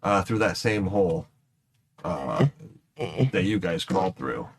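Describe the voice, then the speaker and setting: A man's voice: deep voice, expressive, crowd noise. A man narrating as game master, hesitant and full of fillers, now and then quoting characters. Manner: hesitant, filler-heavy narration with quick voiced quotes.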